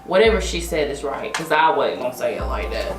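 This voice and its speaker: Lively woman host, off-mic and echoey. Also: very deep voice, a little fast, far from the mic, music in the background. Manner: lively, encouraging, many affirmations. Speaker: radio show host. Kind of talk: faith-based interview conversation.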